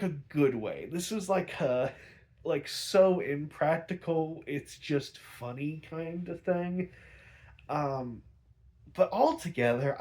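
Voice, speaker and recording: A young man talks through an episode in a loose, rambling way, full of "like" and "um" and little chuckles. His voice sits fairly high for a man. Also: a little mellow. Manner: rambling with many fillers and chuckles. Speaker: show reviewer. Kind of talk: casual episode recap.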